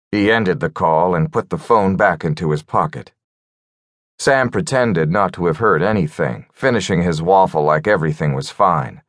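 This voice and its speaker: A man narrating a mystery thriller audiobook in a calm, storytelling manner. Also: low voice, dry recording, studio quality. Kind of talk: scripted narration.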